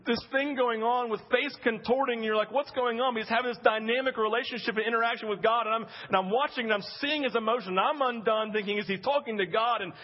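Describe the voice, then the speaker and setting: Male pastor acting out bible scenes in his sermon, pretty high voice, muffled sound. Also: quick pace, few pauses, long reverb tail. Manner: animated storytelling, acting out scenes.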